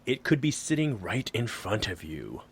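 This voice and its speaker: Joking low-voiced man reading aloud. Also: sing-song, normal speed, slightly rough. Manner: joking, self-deprecating, stumbles over words. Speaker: podcast co-host. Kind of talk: casual podcast chat, reading an article aloud.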